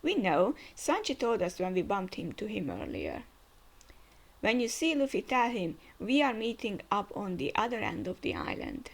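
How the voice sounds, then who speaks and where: A woman's voice: mid-range voice, huge pitch swings, moderate pace, vocal fry, exaggerated voice. A woman voicing hearty old male giants as she reads a comic aloud, keeping close to her own voice.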